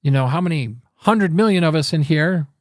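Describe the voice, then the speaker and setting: A man's voice: a little high, a little fast, dry recording, studio quality. A man hosting a political talk show, ranting with angry, sarcastic emphasis and frequent swearing.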